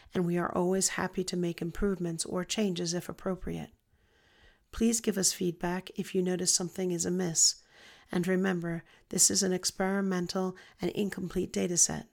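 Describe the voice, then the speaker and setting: Woman reading info text, gravelly voice, steady list-like reading. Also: lowish voice, moderate pace. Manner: even, list-like delivery. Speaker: narrator reading an informational text. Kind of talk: scripted informational reading.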